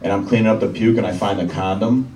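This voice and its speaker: Deadpan young man doing stand-up. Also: lowish voice, fast talker. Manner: deadpan, dry one-liners. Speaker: stand-up comedian. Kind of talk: stand-up routine. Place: comedy club with live audience. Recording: roomy club sound from a distant mic, crowd laughter.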